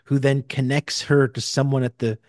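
A man's voice: mid-range voice, flat delivery, normal speed, a little mellow, no room sound. Chatty podcast host man, dry sound. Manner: conversational, recaps a news story with laughs. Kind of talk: casual chat.

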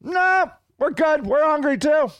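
A man voicing a pack of mocking hyenas that babble and yelp, pitched far above his own voice. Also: expressive, a little slow, a bit bright, no echo, full character voice. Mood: jeering. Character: pack of jeering yelping hyenas.

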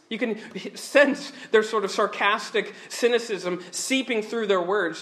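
A man preaching a sermon, earnest and animated, often repeating words as he goes. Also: sits high, a little slow, few pauses.

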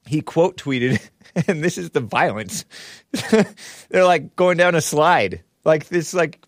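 A man hosting his own show, speaking in a steady mid-range voice with a sarcastic edge. He rambles and corrects himself as he goes, tossing in side remarks. His voice is close and dry, with no room sound around it. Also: medium pitch, no room sound. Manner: rambling, sarcastic, with frequent self-corrections and asides. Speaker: show host. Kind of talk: casual live-stream political commentary.

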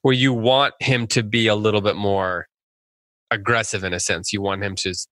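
A man hosting a casual book-club podcast, reading out listener questions in a relaxed, meandering way. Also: lowish voice, normal speed, no room sound.

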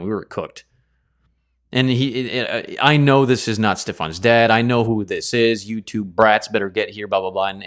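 A man teaching a Bible study, telling a story in a casual, rambling way with chatty asides and self-corrections. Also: lowish voice.

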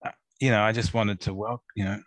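A man's voice: fairly low pitch, steady tone, fast talker, fairly bright tone, no echo. A man co-judging photos on a podcast, chatting casually with dry, wry humour. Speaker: co-judge. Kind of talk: casual chat.

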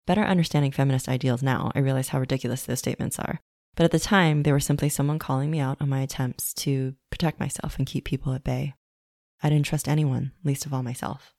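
Woman, podcast host, low voice, gravelly edge, dry close sound, calm personal essay. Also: brisk, no echo.

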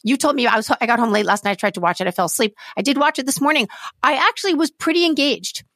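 An earnest woman co-hosting a chatty podcast, with a fairly high voice. She rambles and circles back, open about being moved. The recording is close and dry. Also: fast talker, fairly bright tone, dry recording. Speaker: podcast co-host. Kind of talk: casual chat.

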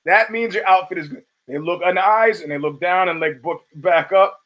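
Telling stories in a loose monologue, a US show host curses often and plays out each quoted voice with animation. He speaks at a moderate pace in a high register, on low-quality audio.

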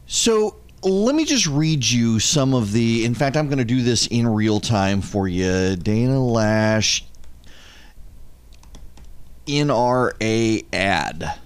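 Animated man on talk radio. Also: mid-range voice, slow, smooth. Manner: animated, reads headlines aloud and argues back. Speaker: radio talk show host.

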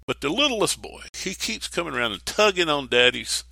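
Bright male pastor, dry close recording, lively storytelling with acted-out voices. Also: on the high side, a little fast, vocal fry, no room sound. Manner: animated storytelling, acts out quoted voices. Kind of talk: podcast sermon preview.

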